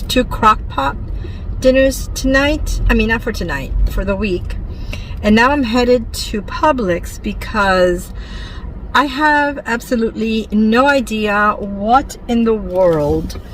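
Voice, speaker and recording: A woman's voice: medium pitch, slight background noise, rough recording. A woman chatting casually to her vlog audience while driving, rambling along with lots of fillers. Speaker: mom vlogger. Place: inside a car while driving.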